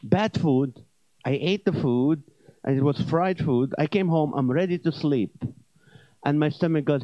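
A man's voice: a little high, a little slow, dark tone, dry recording, lo-fi sound. A male preacher telling jokes and stories, then teaching earnestly with small restarts. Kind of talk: comedic sermon.

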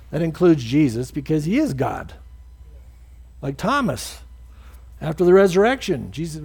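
A man preaching a sermon as pastor and leading a closing prayer in a church, earnest, acting out quoted speakers in a higher voice. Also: very animated, normal speed, creaky, pauses often, a little mellow, husky.

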